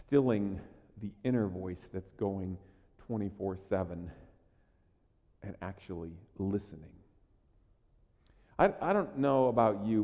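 A pastor preaches in a loose, conversational way, dropping to near-quiet asides and then pushing louder for emphasis. He often stammers and repeats words as he restarts. His voice rings in a long echoey hall on a dull, lo-fi recording. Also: on the low side. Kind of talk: sermon.

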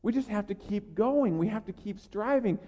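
A man preaching a sermon as a pastor, energetic and earnest, often repeating words as he builds. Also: high-pitched, normal speed, muffled recording. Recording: long reverb of a large hall.

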